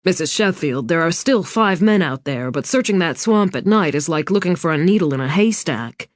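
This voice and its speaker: Woman doing a calm, firm police chief. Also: on the low side, normal speed, dry recording, clean studio sound, voice pushed down, close to an everyday voice. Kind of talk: audiobook character voice.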